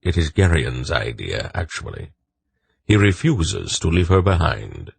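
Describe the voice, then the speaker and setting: Man doing a gruff old wolf pack leader. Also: extremely low pitch, big pitch swings, measured pace, dry recording, full character voice. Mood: commanding. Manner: commanding, dry, decisive.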